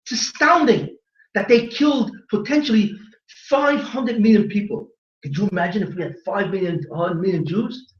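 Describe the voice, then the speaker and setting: Fiery high-voiced man lecturing in echoey hall. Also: normal speed. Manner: fiery, rhetorical questions, emphatic. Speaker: rabbi giving a lecture. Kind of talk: impassioned religious lecture. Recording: echoey hall, distant dull mic.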